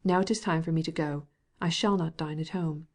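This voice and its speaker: A woman's voice: sits low, fairly even intonation, brisk. A woman voicing a stiff, proud male official who speaks to his wife in a cold, clipped, formal way.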